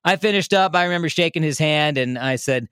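A man telling a story in a casual, animated way, laughing often and restarting his sentences. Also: a little high, fairly quick, clear, resonant tone, dry recording, studio quality. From Milwaukee area, United States. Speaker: radio host telling a story as a podcast guest.

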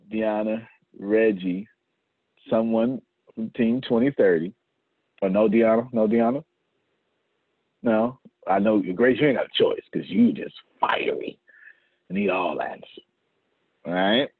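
A man with a lowish, slightly rough voice handles a laid-back business meeting, joking, laughing, and going over the same points again as he delegates tasks. The audio lacks room sound but has a tinny, phone-line quality.

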